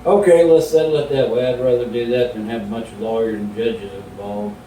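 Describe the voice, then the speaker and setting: A man's voice: fairly even intonation, a little fast, dark tone, natural voice. A man voicing a nervous, polite young hunter from the city who stammers and says sir, heard from a distance in a roomy space. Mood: pleading. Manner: stammering and deferential. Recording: roomy and distant, faint rumble.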